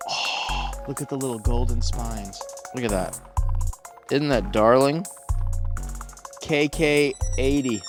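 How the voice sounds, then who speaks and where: A man hosting his plant channel in a casual unboxing vlog, excitable and sprinkling "dude" and "bro" through his talk. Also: medium pitch, a little slow, soft background music.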